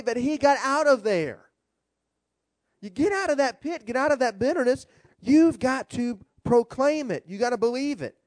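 Brief: male rabbi, funny storytelling sermon, very expressive swooping delivery. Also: very high voice, no echo. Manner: animated, humorous storytelling preaching.

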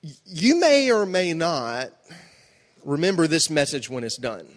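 Animated preacher man in a reverberant hall. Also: unhurried. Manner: animated storytelling, acting out voices with big pitch jumps. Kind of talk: sermon with jokes. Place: large hall before a congregation.

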